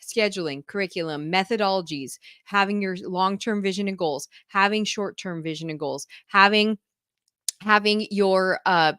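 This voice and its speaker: A woman's voice: mid-range voice, moderate pace, a bit bright, clean tone, dry recording, studio quality. A woman homeschool mentor talking casually to her viewers, gushing and effusive, often breaking into laughter. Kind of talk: casual talk to camera.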